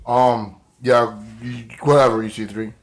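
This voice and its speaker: A man's voice: medium pitch, fairly even intonation, unhurried. A man recapping a wrestling show in a rambling, casual way, full of fillers and swearing.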